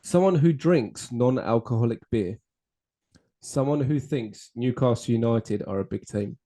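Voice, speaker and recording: Male podcast host, jokey rambling banter, mellow timbre. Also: medium pitch, a little slow. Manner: jokey, rambling, laughs at own jokes. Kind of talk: casual banter over drinks.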